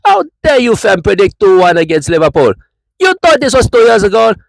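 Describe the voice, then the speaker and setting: A man's voice: very animated, brisk, gravelly, no echo, exaggerated voice, rough recording. Man doing a squealing put-on Jamaican taunter. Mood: gloating. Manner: mocking, repeating taunts with a high squeal. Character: loud taunting male rival football fan.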